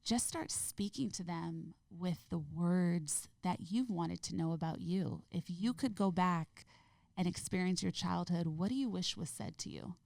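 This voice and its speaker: A woman with a lower voice, a noticeable fry at the ends of her phrases. She speaks as a podcast guest in a gentle, heartfelt way. The sound is dry and close, with no room around it. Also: a little slow, dry recording. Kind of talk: reflective interview conversation.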